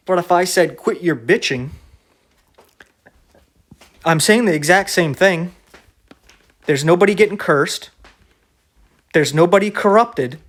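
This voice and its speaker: A man preaching casually to camera in a blunt, argumentative way, often checking in with "right?". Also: on the high side. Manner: conversational, keeps asking "right?".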